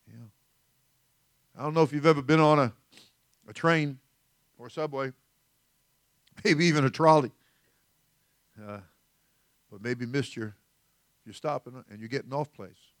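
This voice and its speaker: A man's voice: medium pitch, unhurried, pauses often, dry recording. An older man preaching as senior pastor, a folksy, rambling sermon full of storytelling asides. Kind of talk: conversational sermon.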